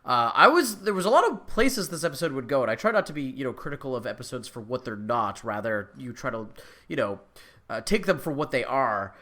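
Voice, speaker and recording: Bright, animated podcast co-host man. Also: mid-range voice, fairly quick. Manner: animated, jokey, opinionated. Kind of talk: casual podcast chat.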